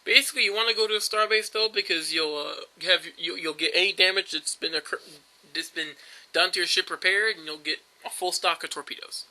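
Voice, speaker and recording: Young guy talking over his game, kinda high and really bright, rambly with lots of ums. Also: fairly quick, rough recording. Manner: rambling, chatty, with frequent fillers and restarts. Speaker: gameplay commentator. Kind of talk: casual let's-play commentary.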